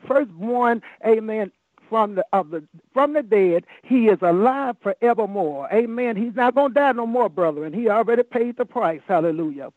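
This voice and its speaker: A man preaching a sermon, fervent and filling every pause with "amen," "praise God" and "my God.". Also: high voice, no room sound. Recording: tinny phone-like dry sound.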